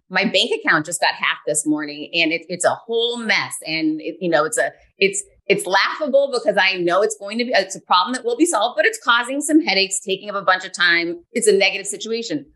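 Brief: bright, lively woman in her 40s, animated podcast guest storyteller. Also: mid-range voice, brisk, hardly any pauses. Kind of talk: podcast interview.

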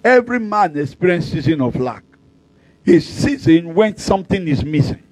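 A man's voice: on the high side, very animated, normal speed, darkish tone, no room sound, rough recording. A middle-aged male pastor, preaching at a convention with emphatic, repeated declarations and humorous stories. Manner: humorous storytelling.

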